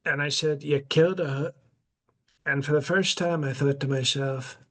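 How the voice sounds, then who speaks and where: A man's voice: fairly high pitch, normal speed. A man doing a rambling, boastful old president. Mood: smug. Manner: rambling, boastful, deadpan, with self-interruptions. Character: brash, boastful elderly male president. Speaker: podcast host in character. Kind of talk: improvised comedy podcast.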